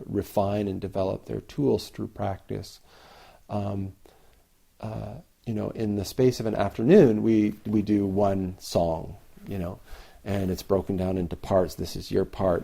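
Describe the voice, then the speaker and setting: A man's voice: on the low side, vocal fry, warm tone. A man giving a reflective dharma talk as a Zen teacher, repeating phrases and sometimes chanting lines aloud. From Canada.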